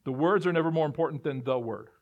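A man's voice: fairly high pitch, quick pace, muffled recording. A male pastor preaching a sermon, emphatic and repeating phrases as he builds his points.

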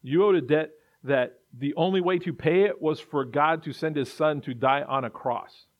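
A man's voice: fairly high pitch, normal speed. A man preaching a sermon in an earnest way, building to emphatic repetition. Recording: dull lo-fi recording.

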